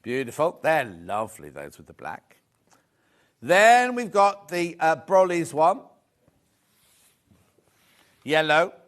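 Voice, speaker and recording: In a TV studio, a middle-aged shopping channel host fronts a live sewing show, raving about fabrics and joking around with the crew. He sounds very animated, with a slightly high, fairly bright voice, yet he speaks slowly and leaves long pauses.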